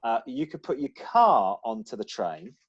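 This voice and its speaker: A man's voice: mid-range voice, very animated, normal speed, breathy edge, lo-fi sound. A man co-hosting a casual podcast, talking in a chatty, rambling way with frequent restarts. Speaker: podcast co-host. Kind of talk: casual chat.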